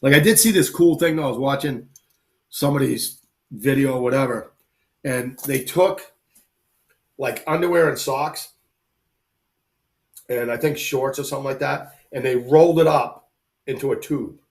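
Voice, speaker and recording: A man's voice: mid-range voice, moderate pace, creaky, pauses often. A man hosting a live stream, a former infantry grunt, chatting casually and telling rambling stories full of "like" and "you know". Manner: rambling, filler-heavy storytelling. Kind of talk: casual chat.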